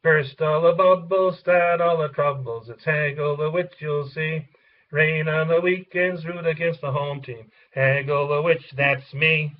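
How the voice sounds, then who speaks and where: A man reading the part of a spiteful female witch who sings in a slow, gloating way. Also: fairly high pitch, sing-song. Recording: distant, dull lo-fi recording.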